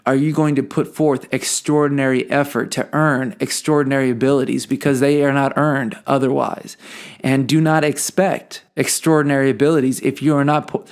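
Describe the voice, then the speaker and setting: A man hosting a podcast, talking earnestly in a motivational monologue and often repeating words as he thinks. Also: medium pitch. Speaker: podcast host.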